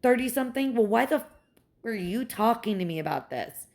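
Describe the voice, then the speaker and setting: A young woman, a mother, in a heated and profane personal rant, sarcastic and quick to mock others. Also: a little high, expressive, darkish tone. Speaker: mother venting about her ex's family.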